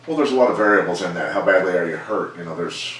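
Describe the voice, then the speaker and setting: A middle-aged man, a former fighter turned coach, telling stories in a measured, plainspoken way during an interview. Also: low voice, slight background noise. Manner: measured, plainspoken, animated when quoting others. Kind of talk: casual storytelling interview. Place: gym. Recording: echoey room, mic far off.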